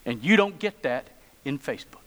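Bright-voiced man preaching in a reverberant church. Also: mid-range voice, animated, a little fast. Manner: storytelling with humorous asides. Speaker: pastor. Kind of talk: sermon. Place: church sanctuary.

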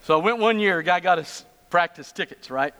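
A man's voice: high-pitched, animated, brisk, bright, forceful tone, clear, resonant tone. A middle-aged male pastor preaching a sermon in a church, telling stories with humorous asides. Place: church sanctuary. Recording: long church reverb.

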